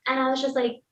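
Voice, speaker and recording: Podcast guest, woman, slightly high voice, candid chatty storyteller, lots of "like"; distant roomy mic, dull audio. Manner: candid, lots of "like", laughs through hard moments. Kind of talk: casual personal storytelling. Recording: roomy, distant, dull sound with faint ambience.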